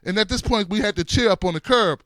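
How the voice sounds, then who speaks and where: A middle-aged man hosting his own show, telling a comic story in an animated way, laughing along and dropping to hushed asides. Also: high voice, fast, no echo. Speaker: show host.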